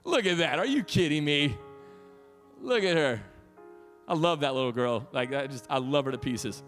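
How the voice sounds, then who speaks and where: Pastor guy preaching, fairly high voice that carries, jokes and acts out little quotes, some music under him. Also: moderate pace. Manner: storytelling with laughs, animated quotes. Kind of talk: sermon. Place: church sanctuary.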